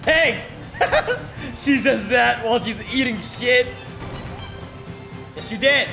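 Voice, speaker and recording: A young man streaming a video game, excitable and swearing, laughing often as he comments casually. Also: very high voice, slow pace, vocal fry, faint music behind.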